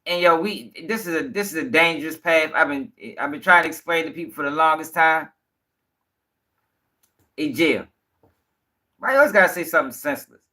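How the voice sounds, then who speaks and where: A fairly high-pitched man hosts a livestream commentary, ranting bluntly with plenty of cursing. He talks straight to his viewers and argues back at chat comments. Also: a little fast, pauses often, bright, forceful tone. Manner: addresses viewers directly. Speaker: commentary show host.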